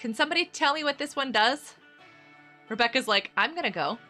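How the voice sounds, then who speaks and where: A woman's voice: sits high, animated, fairly quick, bright, forceful tone, soft background music. A woman streaming a game live, chatting with her viewers in a bubbly, giggly way. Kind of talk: casual live-stream chatter while gaming.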